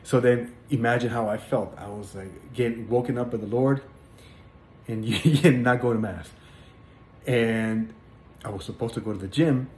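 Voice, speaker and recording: A man sharing a personal religious testimony in casual spoken storytelling, earnest and halting, with many fillers and repeated words. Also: medium pitch, a little mellow. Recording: echoey room with faint background noise.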